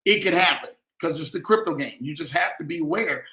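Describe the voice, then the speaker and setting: A man hosting a casual livestream, reading viewer comments and talking in animated, slangy speech, often calling himself by name. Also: a little high, fairly quick. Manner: animated, slangy, speaks of himself in third person. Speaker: livestream host. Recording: echoey room.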